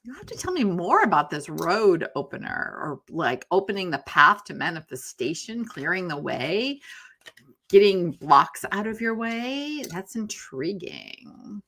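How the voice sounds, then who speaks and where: Fairly low and sing-song, this woman's bright voice moves a little slowly as she runs a tarot live stream from her home office. Her talk is casual and meandering; she calls out viewers by name and keeps yawning.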